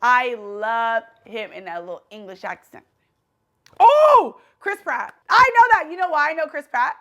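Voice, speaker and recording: A woman hosting her own show, talking in a casual, animated, exclamatory and slangy way. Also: a little high, moderate pace. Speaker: show host. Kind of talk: casual chat guessing celebrities.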